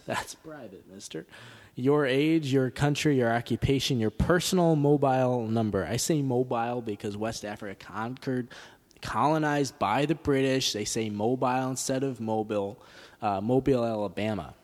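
A man hosting a comedic podcast, reading a letter aloud in a deadpan, mock-serious way with sarcastic asides. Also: mid-range voice, in a large hall. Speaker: podcast host.

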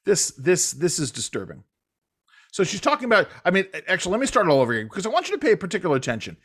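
Animated, halting male talk show host. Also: high voice, slightly rough. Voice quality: animated, halting, many restarts and fillers. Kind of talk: political talk show commentary.

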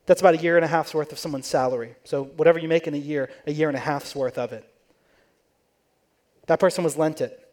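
A man's voice: fairly high pitch, steady tone, fast talker, darkish tone. A man preaching in church, telling the story conversationally and acting out the quoted voices. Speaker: pastor. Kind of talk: sermon.

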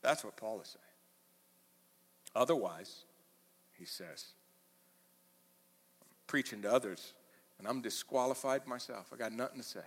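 Impassioned preacher in a reverberant hall. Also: male voice, mid-range voice, a little slow, pauses often. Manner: animated preaching, swinging from quiet to loud. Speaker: pastor. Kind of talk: sermon. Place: church auditorium.

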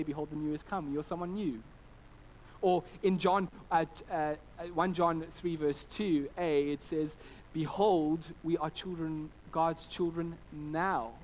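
A man's voice: a little high, slight background noise, rough recording. Man preaching a conversational sermon. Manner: conversational preaching with anecdotes, frequent restarts and animated quoted voices. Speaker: pastor.

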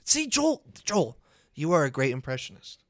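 A man's voice: on the high side, wildly swooping pitch, normal speed, fairly bright tone, dry recording, clean studio sound. A man co-hosting a podcast in casual chat, playful and teasing. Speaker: podcast co-host.

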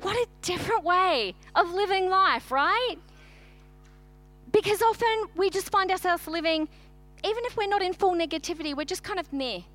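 Brief: high-pitched middle-aged woman pastor, chatty and animated sermon storyteller. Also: moderate pace. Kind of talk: sermon with personal stories.

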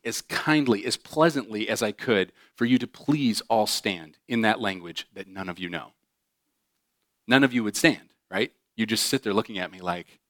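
A man preaching a sermon as pastor, animated and often acting out quoted voices with humor. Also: lowish voice, dry recording, studio quality.

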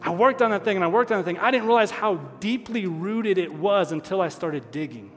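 Male pastor mid-sermon, voice on the higher side, earnest and emotional, repeats lines for weight. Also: lively intonation, brisk, soft background music. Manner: emotional, stops to apologize and regroup; repeats key phrases for emphasis. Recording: long hall reverb.

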